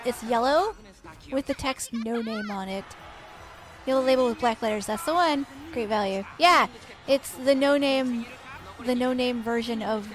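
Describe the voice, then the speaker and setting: A woman streaming a game, chatting casually with her viewers, cooing at and teasing the horses and swearing now and then. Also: fairly high pitch. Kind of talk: casual live-stream chat while gaming.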